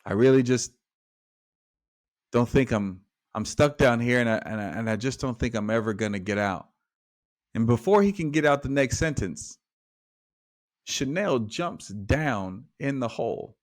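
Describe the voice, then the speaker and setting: Animated male life coach telling a story. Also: mid-range voice, unhurried, pauses often. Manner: animated storyteller acting out dialogue. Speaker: podcast guest, life coach. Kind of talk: storytelling in conversation.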